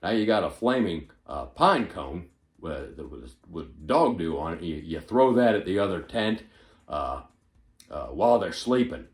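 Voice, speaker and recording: A man's voice: low voice, sing-song, a little slow, reverberant. A man doing a rambling old politician. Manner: rambling, stumbling on repeated words, sudden loud bursts. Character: rambling, forgetful elderly male politician. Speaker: comedian. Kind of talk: stand-up impression monologue.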